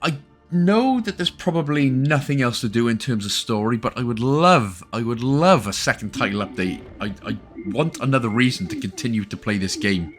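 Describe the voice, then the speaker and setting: A Welsh man with an expressive, medium-pitched voice hosts an achievement guide on a gaming channel at a moderate pace. He's chatty and makes joking asides. Faint game music plays behind him.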